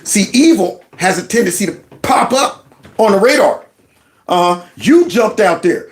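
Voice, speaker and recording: A man's voice: high-pitched, lively intonation, measured pace. Indignant, mocking middle-aged man. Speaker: commentary channel host, former school principal. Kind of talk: reaction commentary on news clips.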